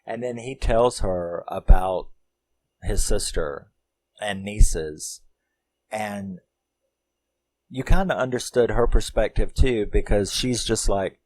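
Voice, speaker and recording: A man's voice: on the low side, takes it slowly, long pauses, darkish tone. A man reviewing a film in a casual, rambling way, often laughing and using lots of fillers.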